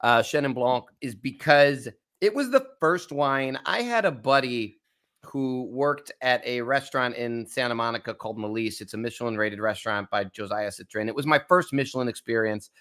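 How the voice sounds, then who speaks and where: American male podcast host, middle pitch, crisp bright tone, reflective and warm-humored chat. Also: moderate pace. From United States. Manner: earnest, reflective, laughs easily. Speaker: wine channel host. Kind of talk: casual podcast conversation.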